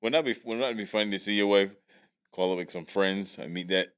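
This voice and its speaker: A man's voice: low voice, fairly even intonation, fairly quick, a bit bright, clear, resonant tone. A man co-hosting a podcast in casual banter, laughing often and throwing in jokes. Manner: laughs often, jokey interjections. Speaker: podcast co-host.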